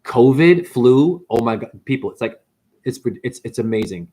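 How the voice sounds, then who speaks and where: A man hosting a livestream, talking in a casual, slangy spiritual monologue and jumping into high mocking voices when he quotes people. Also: lively intonation, moderate pace, warm tone.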